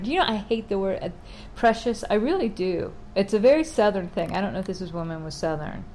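A woman's voice: fairly low pitch, a little fast, hardly any pauses, a little mellow, a little hiss or hum. A middle-aged woman talking casually in a wry, exasperated monologue.

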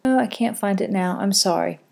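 A woman's voice: mid-range voice, a little fast, gravelly, darkish tone. A woman hosting a casual podcast, chatting and reading out listener comments with frequent fillers and self-corrections. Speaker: podcast host.

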